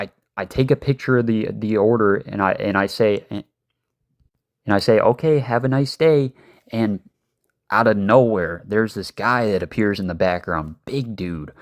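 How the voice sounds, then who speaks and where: A man telling a casual storytime tale, rambling with many fillers and swearing. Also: lowish voice.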